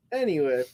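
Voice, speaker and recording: A man co-hosting a live podcast in a casual movie review chat, retelling scenes with lively acted-out quotes. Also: a little high. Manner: animated storyteller, acts out scenes. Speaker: podcast co-host.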